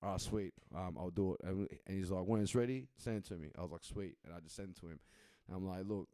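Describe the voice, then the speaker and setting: A man's voice: low voice, fast talker, dark tone, clean tone, no room sound, studio quality. A man who is a comedian guest on a podcast, telling loose, casual stories with swearing and lots of "you know what I mean.". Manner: loose storytelling with swearing and filler phrases.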